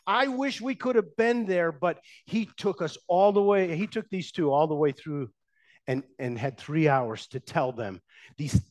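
A pastor preaching in a fairly high voice, retelling old stories from the pulpit. He swings between raised emphasis and hushed, quiet lines as he builds his points. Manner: storytelling, shifting between loud and hushed. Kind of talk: sermon.

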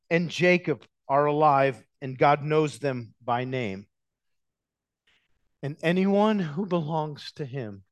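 A man preaching an expository sermon as a pastor, animated and emphatic, with sudden loud stresses and slowly drawn-out words. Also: on the high side, dry recording.

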